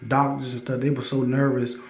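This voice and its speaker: A man telling a spiritual testimony in casual talk, stammering through restarts and breaking into loud scripture readings. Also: mid-range voice, flat delivery, brisk. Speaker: testimony storyteller. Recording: roomy echo.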